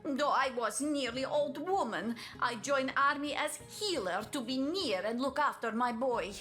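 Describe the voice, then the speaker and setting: A fiercely loyal, grieving mother from a video game speaks slow, broken English with a thick Italian accent. Her voice sits a little high, and she stops now and then to hunt for words. Soft game music plays behind her. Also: expressive. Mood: earnest. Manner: broken English, halting "how you say" asides. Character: middle-aged mother, a grieving, fiercely loyal source hunter.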